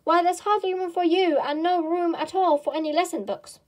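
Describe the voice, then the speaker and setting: A woman's voice: very high-pitched, normal speed, darkish tone, voice pushed up. A woman reading the lines of Alice, a curious, fretful little girl who talks to herself. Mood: musing.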